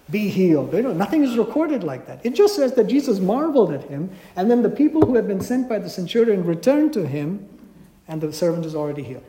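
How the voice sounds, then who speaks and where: A man preaching a sermon in a measured, emphatic way with dramatic pauses, heard in a large hall. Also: on the high side, mellow. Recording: echoey hall.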